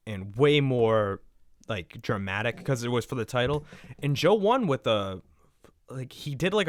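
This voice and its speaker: A man co-hosting a casual wrestling chat, excitable and swearing freely, often laughing. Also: medium pitch, no echo, clean studio sound. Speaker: podcast co-host.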